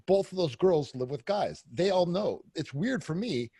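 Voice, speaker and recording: Brief: brash guest, man, husky voice, a bit high, dry close mic, frank and profane. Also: animated, normal speed, warm tone. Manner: brash, profane, storytelling with many fillers. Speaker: podcast guest. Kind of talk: candid casual interview talk. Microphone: close podcast mic.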